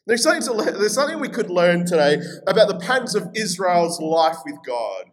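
High-voiced Australian preacher. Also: male voice, a little fast, low-quality recording. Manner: energetic, conversational preaching with scripture reading. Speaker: pastor. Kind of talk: sermon.

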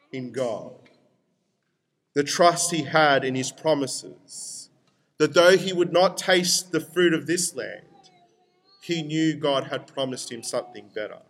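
A young man preaching a sermon in a lively, conversational way, acting out quoted voices. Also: on the high side. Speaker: pastor.

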